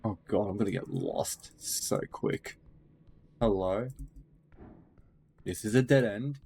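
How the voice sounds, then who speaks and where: A man's voice: fairly low pitch, takes it slowly, dark tone, husky. A man playing a fantasy game, reading its text aloud and reacting with playful comments. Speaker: gaming streamer. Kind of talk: let's-play narration and reaction.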